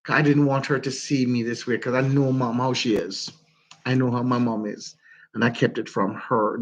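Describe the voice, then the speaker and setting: A man with a Jamaican accent, hosting a casual livestream and warmly greeting his viewers by name. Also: mid-range voice, lo-fi sound. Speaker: livestream host.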